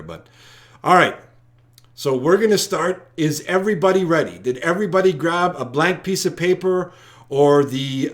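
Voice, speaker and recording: A man hosting a live-streamed trivia night, talking chattily and straight to his viewers. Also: mid-range voice. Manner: chatty, addressing viewers directly. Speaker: trivia host.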